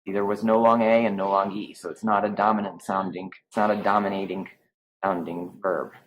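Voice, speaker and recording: A man's voice: sits low, flat delivery, low-quality recording. Man teaching Latin, drawing out syllables. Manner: drawn-out slow syllables when modelling Latin words; informal and explanatory, with restarts. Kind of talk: recorded slideshow lesson.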